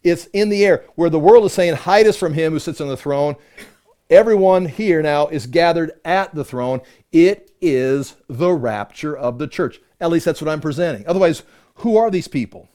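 Man, Bible-study sermon, conversational teaching, emphatic verse reading, rhetorical questions, somewhat high voice. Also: dark tone. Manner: explains scripture with rhetorical questions, slows down for emphasis; reads verses aloud with rising emphasis.

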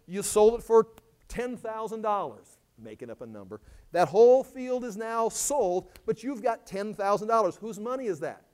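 A man with a high voice delivers a sermon in a conversational style. He explains scripture casually, often restarting and repeating words, and voices the figures he quotes. His pitch stays well above that of most men. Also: lively intonation, normal speed, a little mellow. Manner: conversational preaching, quoting scripture in acted voices. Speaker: pastor.

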